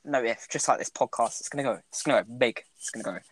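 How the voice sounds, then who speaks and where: A man's voice: mid-range voice, fast, breathy edge, no echo. Rambling young man, dry sound. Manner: rambling, heavy use of "like" and "you know", laughs a lot. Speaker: podcast co-host. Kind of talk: casual chat.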